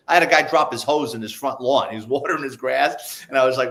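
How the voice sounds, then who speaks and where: A man spins old police stories in a casual, conversational tone. He slips into quick voices for the people he describes, keeping it lively. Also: medium pitch. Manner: animated, acts out the people in his stories. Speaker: guest, retired police investigator. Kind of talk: casual storytelling.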